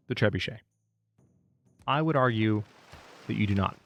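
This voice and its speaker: A man's voice: mid-range voice, normal speed, long pauses, soft background music. A man casually commentating his own strategy game, thinking aloud and talking to the units on screen. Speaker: let's play host.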